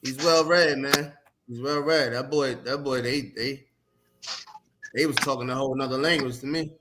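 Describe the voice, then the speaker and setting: A man's voice: mid-range voice, fairly even intonation, moderate pace, noisy background. A man co-hosting a podcast, loose and dismissive in casual banter, often laughing things off. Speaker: podcast co-host.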